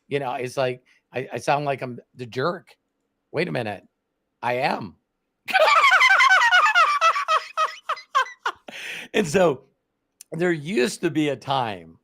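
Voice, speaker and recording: A man in his sixties, hosting a livestream, who tells animated stories and acts out quoted voices. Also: mid-range voice. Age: 60s. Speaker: host. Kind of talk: casual panel talk on a livestream.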